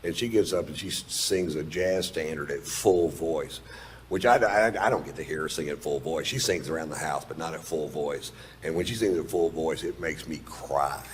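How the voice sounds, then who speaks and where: A man's voice: rumbling low, moderate pace, slight background noise. A man telling a long stand-up story in a laid-back, profane, drawling way. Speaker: stand-up comedian. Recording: played stand-up clip.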